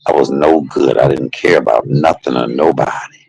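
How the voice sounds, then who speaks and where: A man streaming a casual storytelling monologue, animated and laughing, shifting between jokes and heartfelt moments. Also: a bass voice, normal speed, vocal fry, husky, low-quality recording.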